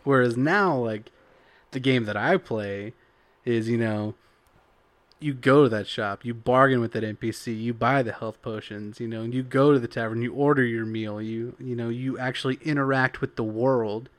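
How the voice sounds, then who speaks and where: A man's voice: medium pitch, normal speed, no room sound. A man in casual chat as a tabletop role-playing player, opinionated and talking in long runs.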